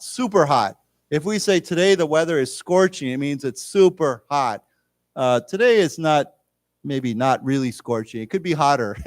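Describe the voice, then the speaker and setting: A man in a library lecture room leads an English vocabulary lesson, explaining each word at a patient pace and having the class repeat it back. His voice sits a little high for a man, and the sound is close and dry. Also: no echo. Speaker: English teacher.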